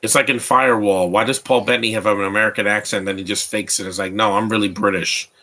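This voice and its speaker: A man's voice: on the low side, fairly even intonation, quick pace, bright, forceful tone. A man giving casual live commentary on a movie, rambling and opinionated as he answers his chat. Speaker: live watch-along commentator.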